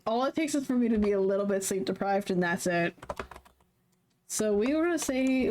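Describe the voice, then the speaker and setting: A woman's voice: mid-range voice, a little mellow. A woman streamer chatting casually, rambling and playful, poking fun at herself. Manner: rambling, playful, self-mocking.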